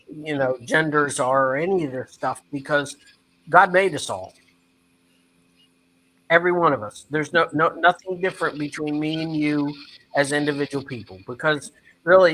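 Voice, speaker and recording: A man from West Virginia, a guest in an interview, telling a story in an earnest, animated way and speaking to the host by name. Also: mid-range voice, poor audio. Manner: animated, acts out quoted dialogue.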